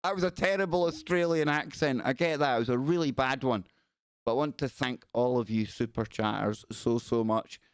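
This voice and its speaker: A man's voice: medium pitch, moderate pace, smooth, no room sound, clean studio sound. A Scottish man hosting a live call-in radio show, chatting loosely and reading news stories aloud with rambling asides. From Scotland.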